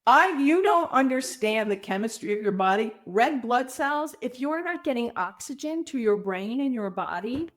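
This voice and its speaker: A middle-aged woman, a podcast guest, telling her story candidly and acting out the quoted dialogue with lively voices. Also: fairly high pitch, normal speed, hardly any pauses. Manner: animated, acts out quoted dialogue.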